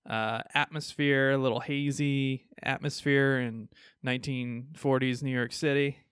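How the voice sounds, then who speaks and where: A man with a Midwestern accent talks casually as a podcast co-host, chuckling through his opinions. His voice comes across smooth and resonant. The sound is dry and close. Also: mid-range voice, fairly even intonation, a little slow, fairly bright tone, no room sound. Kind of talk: casual chat reviewing comics.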